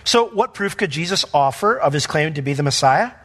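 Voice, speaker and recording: A male pastor preaching a verse-by-verse sermon in an emphatic, animated way. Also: on the high side, fairly quick, husky. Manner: emphatic, animated, acts out quotes.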